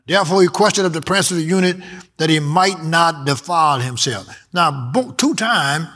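A male preacher delivers a sermon with a bright, forward voice pitched a little high. He reads scripture aloud and hammers home his key words by repeating them. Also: animated, normal speed, soft background music.

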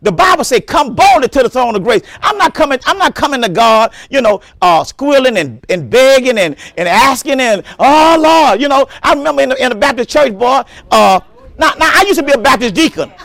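Male pastor, high voice, lively swoops, emphatic repeated phrasing, dry sound. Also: a little fast, gravelly, dry recording. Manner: emphatic preaching, repeats words, breaks into shouts. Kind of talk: sermon.

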